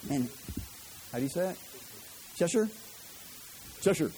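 A man's voice: fairly high pitch, animated, moderate pace, warm tone, slight background noise. A man preaching a sermon as pastor, chatty and conversational, with joking asides to the congregation.

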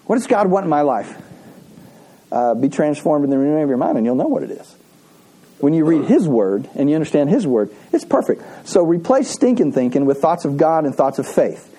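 Very animated and fairly quick, a man with a fairly high, mellow, slightly rough voice preaches to his congregation on a rough recording. The pastor keeps his sermon conversational, circles back to key phrases, and gets the church to read scripture aloud together.

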